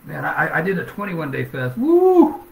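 A man's voice: a little high, fast, vocal fry, bright, forceful tone. A man preaching a sermon with fervent energy, reading scripture aloud and often asking "Amen?". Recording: echoey room.

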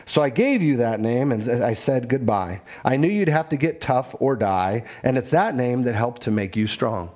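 A man voicing a rough, unrepentant old western father explaining himself earnestly. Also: medium pitch, lively intonation, moderate pace, few pauses, a little mellow, lightly acted.

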